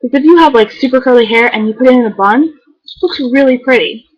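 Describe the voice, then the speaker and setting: A teenage girl with a high, brisk voice chats casually to the camera, rambling and packing her talk with "like." She's a beauty vlogger, and the recording has a lo-fi sound.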